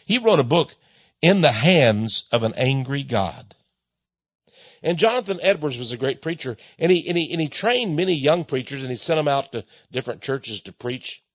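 A man preaching and pitching his book in a folksy way, chuckling often and restarting his sentences. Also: animated, moderate pace, no echo. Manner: chuckling storyteller with many stammered restarts. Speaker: author and Christian speaker. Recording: dull lo-fi recording.

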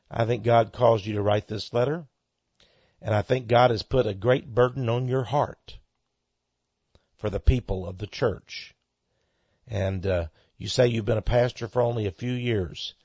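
A husky-voiced man preaches on his own radio ministry show, reading listener mail and answering in a homespun, earnest manner. He builds to fervent, rising exclamations. The sound is dry and close, with a dull, lo-fi broadcast quality. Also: lowish voice, normal speed, darkish tone, no room sound.

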